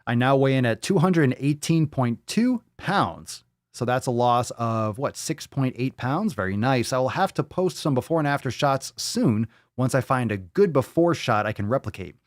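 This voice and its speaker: Male podcast host, profane and mocking, lively pitch, dry close mic. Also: normal speed, no echo. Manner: sarcastic, profane, jumps into silly voices. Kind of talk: casual live show banter.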